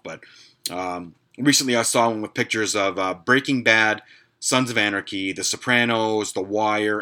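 A man's voice: on the low side, sharp tone. A man hosting a podcast, ranting casually and sarcastically with plenty of swearing. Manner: profane, sarcastic, grumbling. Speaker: podcast host.

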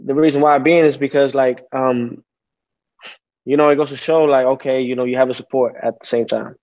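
A man in his twenties answering interview questions over a video call, halting, with many fillers and restarts. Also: medium pitch, fairly even intonation, a little mellow, highs cut off. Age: 20s. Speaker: interview guest, athlete.

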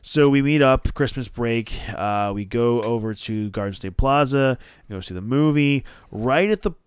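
A man's voice: mid-range voice, moderate pace, smooth, no room sound. A man, co-hosting a podcast and telling a rambling, profane story full of restarts. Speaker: podcast co-host.

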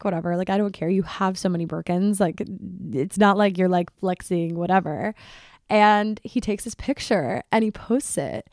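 A young woman in her twenties hosts a solo podcast, talking close to a dry, deadened mic. She rambles casually with lots of "like", and her pitch sits in an ordinary middle range. When she acts out her friends' lines, her delivery jumps up in drama. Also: dry recording. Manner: chatty, dramatic, heavy use of "like", quotes friends in animated bursts. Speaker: podcast host.

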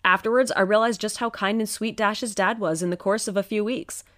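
A woman's voice: medium pitch, steady tone, fairly quick, fairly bright tone, no room sound, clean studio sound. A woman narrating a first-person story in an earnest, emotional storytelling manner.

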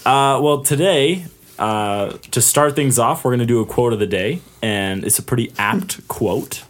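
A man's voice: medium pitch, lively intonation, measured pace. A man co-hosting a casual podcast, bantering and laughing often with his co-host. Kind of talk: casual chat.

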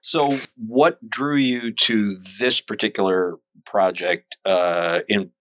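A man's voice: lowish voice, steady tone, slow, a bit bright. A man hosting an interview, giving short, encouraging prompts and questions.

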